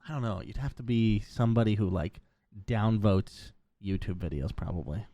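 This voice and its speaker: A man's voice: fairly low pitch, normal speed, warm tone, dry recording, muffled recording. A man hosting a podcast in casual chat, joking sarcastically and swearing freely. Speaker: podcast host.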